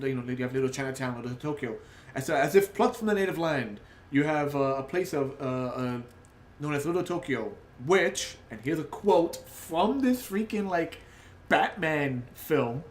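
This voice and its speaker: A man talks loosely on a livestream, drifting from point to point and leaning on "like" while he thinks. His voice sits at an ordinary middle pitch. The room has a noticeable echo, with a faint hiss underneath. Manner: rambling, filler-heavy with frequent "like". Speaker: artist streamer. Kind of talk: casual livestream chat.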